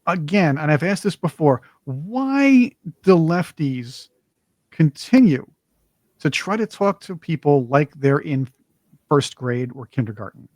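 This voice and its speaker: A man's voice: on the high side, big pitch swings, measured pace, darkish tone, dry recording. Sarcastic man mocking his opponents, dry close sound. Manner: mocking, puts on whiny voices to imitate opponents. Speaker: podcast co-host. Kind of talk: casual political commentary.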